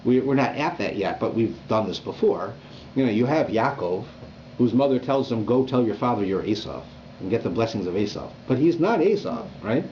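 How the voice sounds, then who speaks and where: A rabbi teaching a Torah class in a conversational, animated way, often checking in with "right?". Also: male voice, medium pitch, moderate pace. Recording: dull lo-fi recording with faint room noise.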